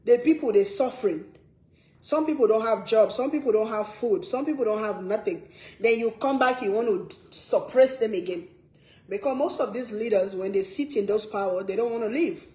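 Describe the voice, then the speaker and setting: A woman's voice: on the high side, moderate pace, mellow, echoey room. A woman from Sierra Leone with a Sierra Leonean accent, talking to her viewers in a casual vlog, earnest and emphatic, repeating her words for stress. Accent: Sierra Leonean English. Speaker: cooking vlogger.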